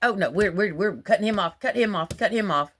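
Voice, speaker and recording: A woman's voice: mid-range voice, a little fast. Rambling woman in a casual monologue. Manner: rambling, animated, colloquial. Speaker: religious vlogger.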